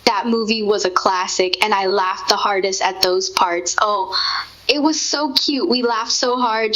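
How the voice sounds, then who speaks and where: A woman's voice: mid-range voice, fairly bright tone. A woman reminiscing in a sentimental, gushing way, in casual chat with her partner. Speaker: co-host. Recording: dull lo-fi sound.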